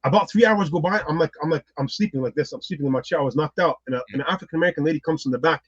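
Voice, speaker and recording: A man with a slightly high, husky voice rattles through a personal story at speed and acts out everyone in it. The sound is dry and a little muffled. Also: rapid-fire, no echo. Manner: lively, acts out the people in his story. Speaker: guest.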